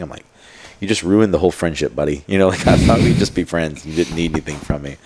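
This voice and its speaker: A man's voice: rumbling low, very fast, a little mellow, breathy edge. A man telling stories as a podcast guest, in a rambling casual way full of fillers and quoted asides. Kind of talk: casual storytelling.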